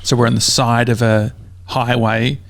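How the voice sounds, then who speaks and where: A man's voice: medium pitch, little pitch movement, unhurried, no echo, studio quality. A young Australian man hosting a casual podcast, telling a long story with lots of fillers and swearing. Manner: rambling storyteller, swears a lot, many fillers. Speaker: podcast host. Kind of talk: casual chat.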